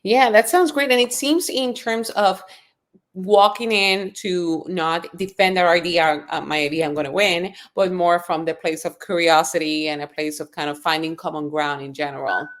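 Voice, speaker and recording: A woman with a fairly low voice hosts a casual interview podcast. She asks thoughtful questions, often pausing and restarting as she builds them. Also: steady tone. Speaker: podcast host.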